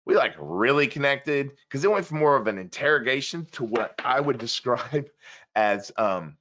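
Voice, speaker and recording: A man telling a story in an interview, earnest and urgent, acting out the dialogue of the people in it with big jumps in pitch and loudness. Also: moderate pace. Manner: animated, acts out quoted dialogue with big shifts in pitch and loudness.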